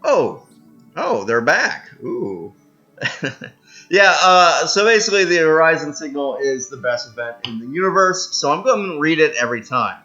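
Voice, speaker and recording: A man's voice: a little high, sing-song, normal speed, sharp tone, muffled recording, faint music behind. Chatty man playing a strategy game. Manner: chatty, laughs often, thinks aloud with fillers and restarts; reads in-game event text aloud. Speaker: gameplay commentator. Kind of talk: casual gameplay commentary.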